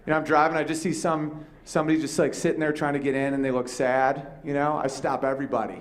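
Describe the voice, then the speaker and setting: A man's voice: fairly high pitch, quick pace. A man hosting a comedy chat show, telling a story with lots of swearing and acted-out voices. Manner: animated storytelling, acts out quoted voices, swears freely. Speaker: podcast host and comedian.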